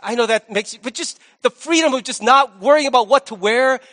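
A male pastor preaching a sermon in a lively, conversational way with jokey asides, in a large church hall. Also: extremely high pitch, a little fast. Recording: long hall reverb.

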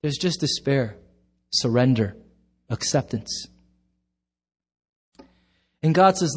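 A middle-aged man preaching a sermon as pastor, emphatic, swinging from loud bursts to hushed low lines. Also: lively intonation, takes it slowly, pauses often, breathy edge.

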